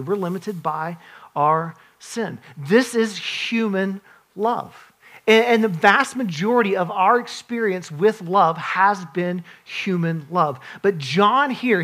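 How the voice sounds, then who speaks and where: A man's voice: sits high, fairly bright tone. A man in his forties, a pastor, preaching an earnest, conversational sermon with frequent restarts and asides.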